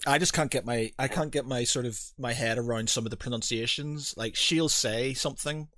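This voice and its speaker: A man's voice: mid-range voice, fairly quick, fairly bright tone, no room sound. Chatty male podcast host, dry sound. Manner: chatty, telling anecdotes with quoted back-and-forth. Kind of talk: casual chat.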